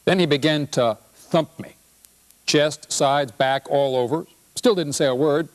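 A man's voice: on the high side, measured pace, natural voice. A man reading a play aloud, voicing an indignant older man complaining about his doctor.

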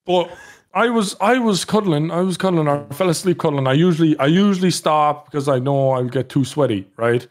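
A man's voice: a little high, moderate pace. A man with an Irish accent, a podcast guest telling long rambling stories in casual chat and laughing as he goes. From Ireland.

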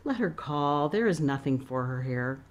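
A woman voicing a gruff, impatient father with a low, firm delivery while reading a novel aloud. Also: animated, normal speed.

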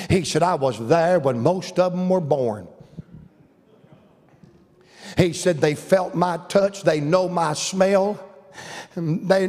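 This older man, Southern American in accent, tells stories through a humorous, folksy revival sermon. His voice is high yet darkish in tone. It echoes with the long reverb of the church sanctuary where he preaches.

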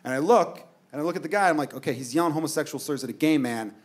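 Speaking very fast in a slightly high voice, a male comedian from the United States runs through a stand-up routine, telling a profane story and throwing asides to the crowd.

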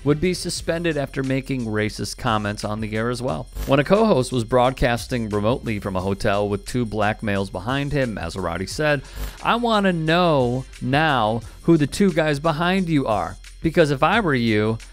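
A man delivers scripted sports commentary in a wry, pointed way. His voice sits at an ordinary middle pitch, and a faint music bed runs quietly behind him. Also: expressive, normal speed. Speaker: sports news host.

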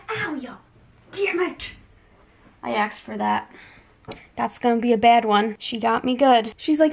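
A young woman in her twenties chatting casually in a home vlog, bubbly and talkative, squealing with excitement and talking to her cats. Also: a little high, moderate pace, vocal fry. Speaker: vlogger. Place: home bedroom and kitchen.

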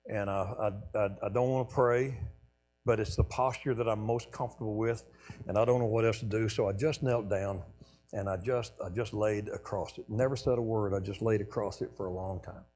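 Man, low voice, sermon testimony, earnest, faint hum behind. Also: steady tone, a little fast. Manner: earnest storytelling, trailing off softly at key lines. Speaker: guest speaker.

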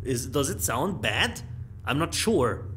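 A man's voice: medium pitch, takes it slowly, a little hiss or hum. A young man streaming a horror game live, gasping, yelping and swearing, full of crude jokes. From Austria. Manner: excitable, yelps and gasps, swears a lot, crude jokes.

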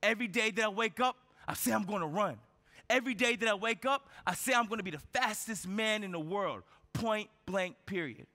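Male keynote speaker, high bright voice, storytelling style, lots of rhetorical questions. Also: fairly quick. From United States. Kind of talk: motivational keynote speech. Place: large event hall on stage. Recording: reverberant conference hall.

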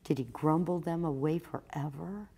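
A woman's voice: low-pitched, moderate pace, vocal fry, mellow, breathy edge. A woman children's librarian reading a picture book aloud expressively for storytime.

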